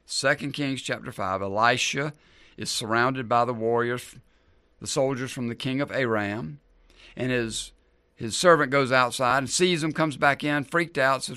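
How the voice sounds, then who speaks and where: A man's voice: medium pitch, moderate pace, sharp tone, clear, resonant tone, no echo. A man preaching a sermon as a pastor in an easygoing, conversational way, repeating key lines for emphasis.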